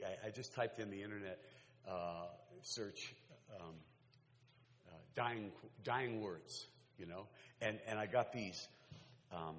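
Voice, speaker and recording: A man's voice: lowish voice, measured pace. A man preaching a sermon as a pastor, telling stories in a conversational way with asides to the audience. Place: large hall. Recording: echoey hall, faint ambience.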